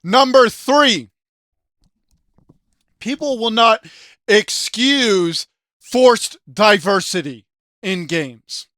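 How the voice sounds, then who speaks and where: A video game commentator in an angry, profane rant, yelling often, with a throat sore from shouting. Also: medium pitch, lively intonation, drawn-out words, long pauses, no echo, studio quality.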